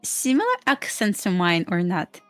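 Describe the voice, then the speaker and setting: A woman's voice: on the low side, very animated, normal speed, fairly bright tone, soft background music. Woman trader explaining in short plain phrases. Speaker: trader guest. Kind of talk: casual live-stream chat.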